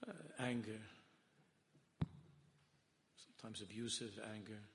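Male rabbi preaching a Torah class with passion, dropping to quiet intensity, Hebrew terms throughout, recorded with long reverb. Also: on the low side, steady tone, slow, slight background noise. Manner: impassioned, rising to loud emphasis then dropping to hushed tones; mixes Hebrew and Yiddish terms into English. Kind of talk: sermon-style Torah lecture.

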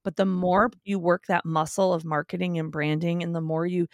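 A woman guest on a podcast, talking in a candid, animated way with emphatic swings in pitch and loudness. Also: normal speed, dry recording, studio quality. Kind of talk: casual podcast conversation.

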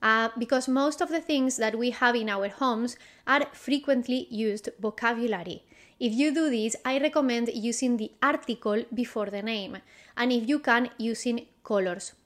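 A woman teaching a vocabulary lesson, repeating each word slowly and quizzing the listener in a patient, encouraging way. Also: fairly high pitch. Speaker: Spanish teacher. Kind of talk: slow, clear vocabulary lesson.

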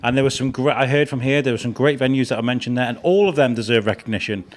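A man's voice: medium pitch, fast, slight background noise. A man, hosting a podcast and chatting with guests backstage at an awards night. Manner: chatty, laughing, eager. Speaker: podcast host interviewing backstage. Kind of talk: casual backstage interview. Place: backstage at a theatre event.

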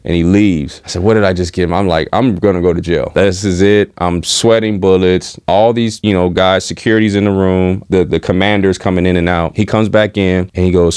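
A man with a very low, deep voice tells his story as a guest, speaking smoothly and clearly. He is a pastor and acts out the people in his stories with real animation. The sound is dry and close, with no room echo. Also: steady tone, brisk, a little mellow. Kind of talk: storytelling interview testimony.

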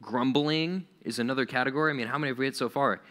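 A young adult man preaching a youth sermon, animated and acting out quoted voices. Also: mid-range voice, fast. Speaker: youth pastor.

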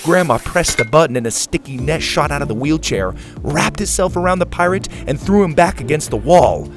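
A man narrating a children's storybook in an animated, expressive reading. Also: fairly high pitch, fairly quick, over music.

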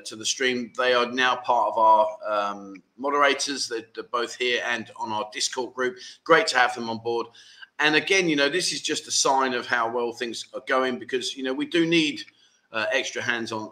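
A man's voice: medium pitch, sharp tone. A man hosting a casual livestream, reading viewer comments aloud and chatting in a jokey, teasing way. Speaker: livestream host.

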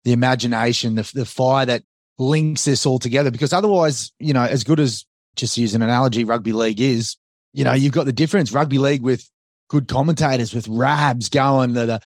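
A man's voice: mid-range voice, a little fast, no room sound, studio quality. A man hosting a podcast, asking rambling questions in casual conversation. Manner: rambling questions, many short agreements. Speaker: podcast host. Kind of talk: casual interview.

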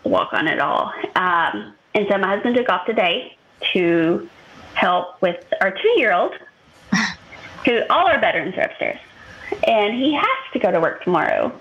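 A woman's voice: medium pitch, a little slow, dull audio. A woman, telling a long personal story as a podcast co-host and acting out what others said. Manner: animated storytelling, acts out quotes. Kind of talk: casual chat.

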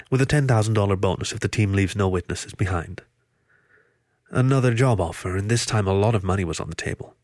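A man narrates a thriller story in a low voice, steady and even. The sound is dry and close, with no room around it. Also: no echo. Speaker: audiobook reader.

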